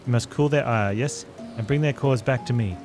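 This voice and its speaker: A man with a natural, mid-range voice reads fairly quickly as a nervous little kobold from a game, echoing every phrase with three synonyms over loud game music. The mood is pleading.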